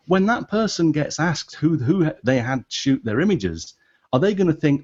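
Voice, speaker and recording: A man speaking as a podcast guest in casual discussion, animated and halting, with a non-American English accent and many restarts. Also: on the high side, highs cut off.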